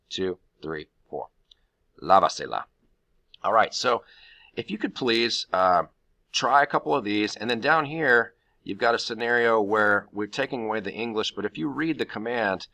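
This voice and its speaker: A man's voice: on the low side, vocal fry, sharp tone, no room sound. A man teaching a Spanish grammar lesson to his class, explaining each step patiently and counting syllables aloud.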